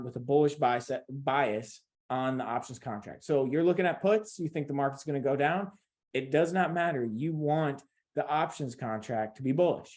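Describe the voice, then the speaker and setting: A man's voice: mid-range voice, darkish tone. A man giving a casual screen-share lesson on trading, talking in a loose, repetitive way and speaking directly to his viewers. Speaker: trading instructor.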